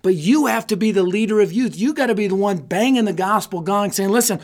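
A man giving an energetic, sermon-style talk to youth leaders, telling stories and rallying them with repeated calls. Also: sits high, brisk. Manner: energetic storytelling with repetition; exhorting, rallying listeners. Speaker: youth ministry speaker.

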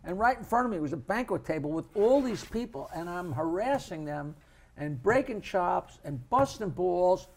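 An older man, a comedian co-hosting a podcast, telling animated, jokey stories in casual chat. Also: high-pitched, moderate pace. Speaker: co-host comedian. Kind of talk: casual storytelling.

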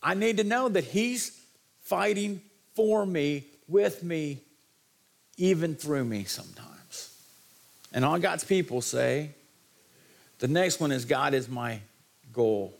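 Gravelly pastor preaching. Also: male voice, fairly high pitch, takes it slowly, pauses often. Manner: animated, folksy, rising to excited outbursts. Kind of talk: sermon.

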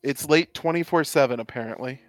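Teasing player over a dry call mic. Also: male voice, medium pitch, brisk, no room sound, soft background music. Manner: teasing, jokey. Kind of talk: casual chat.

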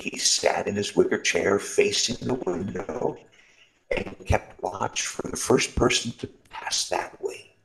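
A man reading a Christmas story aloud in a slow, expressive storytelling manner. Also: low voice, gravelly, low-quality recording.

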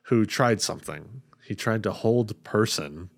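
A man who ran the tabletop game, chatting casually on a podcast with quick agreeing interjections and frequent laughs. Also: lowish voice, expressive, gravelly. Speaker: game master, podcast co-host. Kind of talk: casual chat.

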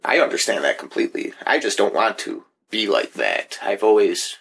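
A man's voice: fairly low pitch, sing-song, moderate pace, gravelly, fairly bright tone, breathy edge. A man co-hosting a podcast in casual chat, rambling with lots of fillers and swearing freely. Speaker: podcast co-host.

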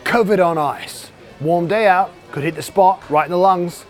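A man's voice: sits high, normal speed, soft background music, pitched above the performer's own voice, natural voice. A man playing a cheerful pub landlord in a comedy sketch, breezy and matter-of-fact. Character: cheerful English pub landlord, male adult.

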